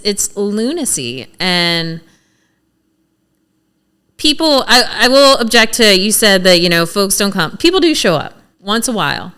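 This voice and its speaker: Woman advocate on a podcast, bright crisp voice, blunt and animated, does little voices for lawmakers. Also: lowish voice. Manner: blunt, animated storyteller acting out lawmakers' lines. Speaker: cannabis policy advocate guest. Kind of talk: casual podcast conversation.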